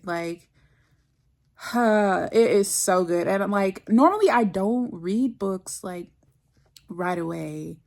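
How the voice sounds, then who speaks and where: A woman's voice: mid-range voice, gravelly. A woman chatting casually in a book vlog, effusive and gushing, full of "like" fillers. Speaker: book vlogger. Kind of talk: casual reading vlog chat.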